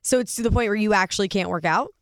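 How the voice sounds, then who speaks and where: A young woman co-hosting a podcast in casual chat, teasing, blunt and quick to laugh. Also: mid-range voice, no echo, clean studio sound. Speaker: podcast co-host.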